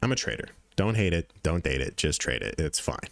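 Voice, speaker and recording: Man, deep voice, dry close sound, casual profane crypto chart commentary, emphatic repetition. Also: big pitch swings, brisk, vocal fry, dry recording. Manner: blunt, profane, repeats points for emphasis. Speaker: crypto trading channel host.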